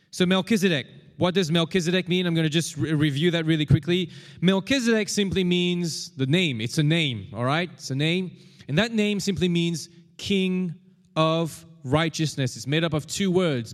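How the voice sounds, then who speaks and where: A man's voice: a little high, moderate pace, long reverb tail. A man preaching a sermon as pastor, emphatic and repetitive, leading the congregation to repeat key phrases after him.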